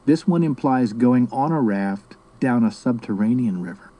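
A man reading aloud as a serious, formal young boy with a gruff little voice. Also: medium pitch, lively intonation, normal speed, dark tone, lightly acted, rough recording. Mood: solemn.

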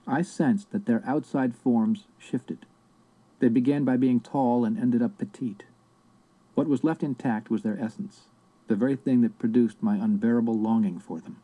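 A man narrating a book in the first person in a measured, reflective way. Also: mid-range voice, warm tone, breathy edge, low-quality recording. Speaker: audiobook narrator.

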